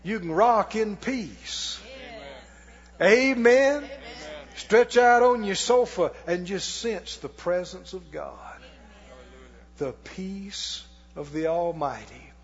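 A male pastor preaching a sermon, emphatic and questioning his congregation. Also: high voice. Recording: dull echoey hall recording.

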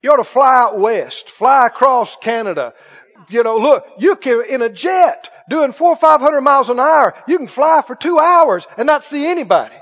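Man, high voice, folksy sermon, hushed to shouting, dull lo-fi recording. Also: expressive, normal speed. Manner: folksy, swinging from hushed lines to loud exclamations. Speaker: preacher.

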